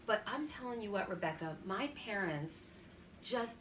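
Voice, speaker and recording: A woman's voice: mid-range voice, lively intonation, moderate pace, a bit bright, a little hiss or hum. A woman in her forties co-hosting a faith-based parenting chat, telling stories earnestly and laughing easily. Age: 40s. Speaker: co-host.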